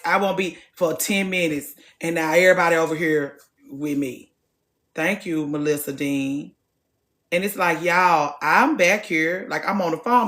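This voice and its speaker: A woman in her late thirties, chatting casually to her viewers from the gym. She talks in an animated way, swings between loud and soft, and swears freely. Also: lowish voice. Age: late 30s. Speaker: vlogger. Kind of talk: casual chat to camera.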